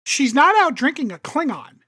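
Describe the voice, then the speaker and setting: A woman's voice: high-pitched, sing-song, normal speed, fairly bright tone, dry recording, clean studio sound. A woman co-hosting a podcast, recapping an episode in a casual, chatty way with lots of fillers. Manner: chatty recap with lots of um and like, acts out characters' lines. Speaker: podcast co-host summarizing the episode. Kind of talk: casual chat.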